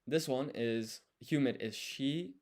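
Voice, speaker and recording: A man's voice: medium pitch, takes it slowly, darkish tone. A man studying on a livestream, thinking aloud and explaining each step as he writes. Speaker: language learner.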